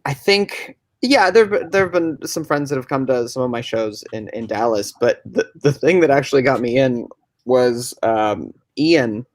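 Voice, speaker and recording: A man's voice: medium pitch, expressive, normal speed, dry recording. A man, a voice actor guest, telling his story in a casual chatty way with many fillers, over a video call. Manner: chatty, full of fillers and restarts. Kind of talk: casual storytelling in a panel chat.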